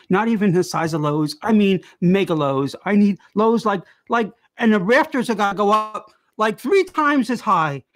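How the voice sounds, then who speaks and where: A woman's voice: medium pitch, a little mellow. A woman improv performer on a video call, rambling through meandering tangents in an improvised comedy rant.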